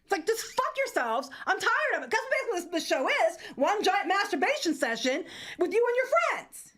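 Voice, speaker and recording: A woman with a very high, lively voice that leaps up and down as she vents. She co-hosts a casual podcast chat in a heated, profane and sarcastic tone. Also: brisk. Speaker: co-host.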